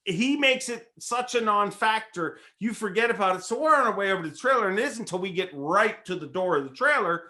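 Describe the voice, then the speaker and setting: A man co-hosting a podcast, telling a story in animated casual chat, stumbling over words as he goes. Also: sits high, a little fast, hardly any pauses. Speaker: podcast co-host.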